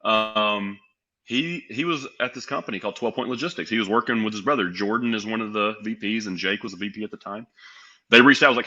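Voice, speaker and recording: A young man from Tennessee tells a long story as a podcast guest. His voice is strikingly bright and forward. He plays out each exchange with lively quoted dialogue. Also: on the low side, fast talker, muffled recording. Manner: animated, acts out quoted dialogue. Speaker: guest, pro wrestler and sales executive.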